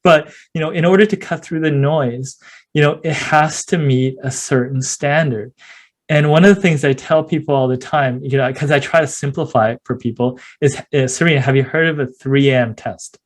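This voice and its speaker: A man speaking as a podcast guest in casual interview talk, an animated storyteller who acts out scenes and uses many fillers. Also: medium pitch, normal speed. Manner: many fillers like "you know".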